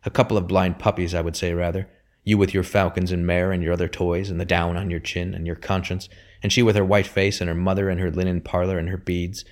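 A scornful older father sneers and mocks in a deep, low voice, as a man reading a storybook puts him on. His words are bitter and cutting, thick with contempt. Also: flat delivery, fast talker, natural voice. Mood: sneering.

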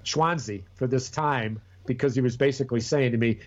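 A man's voice: mid-range voice, normal speed. Rambling, profane man on a dull recording. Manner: profane, rambling, with many restarts. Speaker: podcast co-host. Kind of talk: casual chat.

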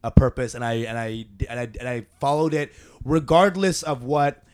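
A young man, a comedian, talking casually and profanely on a podcast, animated and quick to joke. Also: medium pitch, smooth.

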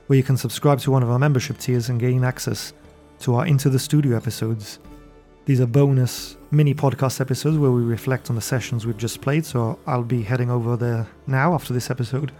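Man, game master, mellow warm voice, measured narration, faint music. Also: medium pitch. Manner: measured storytelling, then chatty sign-off. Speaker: game master and podcast host. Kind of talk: scripted fantasy narration. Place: podcast studio.

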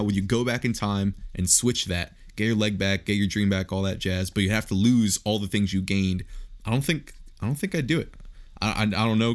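Young guy on a podcast, lowish voice, thoughtful, laughs a lot, swears casually. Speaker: podcast guest. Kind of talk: casual conversation.

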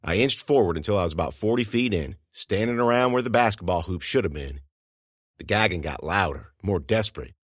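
Expressive male audiobook narrator. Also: low voice, fairly quick, no echo, clean studio sound. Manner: expressive, suspenseful storytelling. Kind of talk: first-person audiobook narration.

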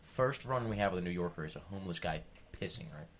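A man with a Pittsburgh accent telling an excitable, profane story in a casual podcast chat. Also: sits low, fast. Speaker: podcast co-host.

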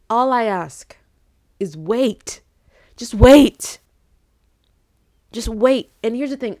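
A young woman vlogging late at night, telling a story in a rambling, exasperated, animated way. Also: medium pitch.

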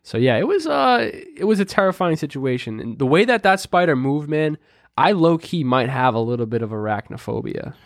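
A man's voice: a little high, brisk, no echo, studio quality. A young man in casual podcast chat, telling a story with energy and checking in with "right?" and "dude" as he goes. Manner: animated storyteller, says "right?" and "dude" often. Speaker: podcast co-host.

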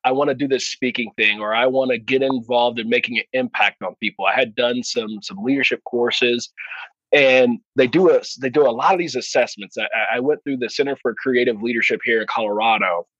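A man's voice: mid-range voice, fairly quick, a bit bright, dry recording, dull audio. A male podcast guest speaking in a reflective way, often restarting and repeating words. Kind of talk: casual interview chat.

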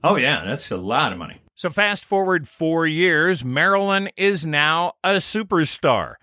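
A man's voice: on the high side, big pitch swings, a little slow, pushed and bright, no room sound, clean studio sound. A man co-hosting a podcast, chatting casually and telling the story as he recaps a sitcom. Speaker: podcast co-host.

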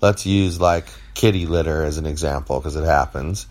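A man co-hosts a casual podcast in a very low voice. He rants bluntly about everyday annoyances, stretching words out for emphasis. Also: darkish tone. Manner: blunt, ranting complaints with drawn-out emphasis. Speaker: podcast co-host. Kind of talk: casual chat.

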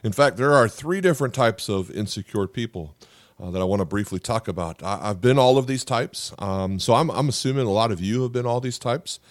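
A man's voice: fairly low pitch, expressive, a little fast, no echo. A middle-aged man, a pastor and podcast host, giving a sermon in an earnest, conversational way, with frequent "uh" fillers and restarts.

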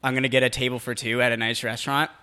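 A man's voice: mid-range voice, level tone, racing, pushed and bright, smooth. A man co-hosting a podcast in casual banter, joking and acting out silly scenarios. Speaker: podcast co-host.

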